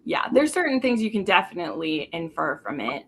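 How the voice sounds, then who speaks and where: This woman hosts a casual book discussion over a live stream. Her voice is bright and forceful, her talk animated and loose. A faint hum of room noise sits behind her. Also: on the low side, poor audio. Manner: animated, talks in quick runs with many "like"s. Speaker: book club host.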